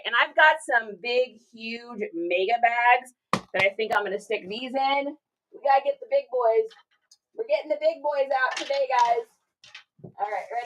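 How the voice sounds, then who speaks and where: A woman in her thirties chats casually with her livestream audience as she packs orders. Her voice is bright and sits a touch high. She is upbeat and chatty, and she greets viewers by name. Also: a little hiss or hum, low-quality recording. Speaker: reseller livestreaming her shipping.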